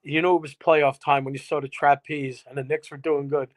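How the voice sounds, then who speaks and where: New guy, guest musician, loose and salty, laughs through his story; voice sits a bit high. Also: flat delivery, a little fast. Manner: rambling, chuckling, salty anecdote-teller. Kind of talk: casual interview storytelling. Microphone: remote live-stream guest.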